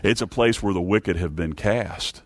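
A man preaching a sermon in a folksy way, dropping to hushed low tones and rising to loud pleading cries. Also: measured pace, no echo. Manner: folksy, addresses congregation as folks.

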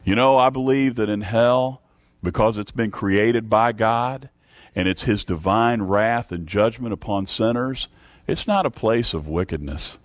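A man preaching a sermon in a folksy way, dropping to hushed low tones and rising to loud pleading cries. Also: measured pace, no room sound. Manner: folksy, addresses congregation as folks.

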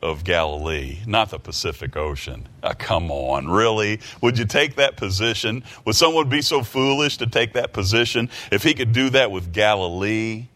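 Low-voiced man preaching a sermon. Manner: preaching with rhetorical questions and King James readings; folksy, repeats words when excited. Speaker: pastor.

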